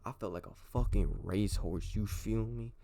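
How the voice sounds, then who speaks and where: A man's voice: fairly low pitch, moderate pace, warm tone, a little hiss or hum. A young man telling a casual storytime, slangy, profane and rambling.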